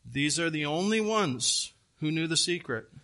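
Pastor guy preaching slow and deliberate, kinda high bright voice, gets animated retelling the story. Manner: earnest, animated storytelling with repeated phrases. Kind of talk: sermon.

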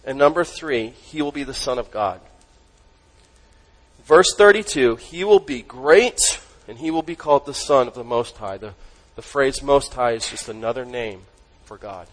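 A man preaching a sermon as pastor, emphatic, asking the congregation questions and dropping his voice low on key words. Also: moderate pace, rough recording.

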